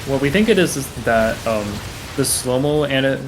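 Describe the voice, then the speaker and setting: A man explaining a speedrun route as he plays, in a halting, loose live-stream commentary style. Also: medium pitch, animated, noisy background. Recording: game music playing behind the voice.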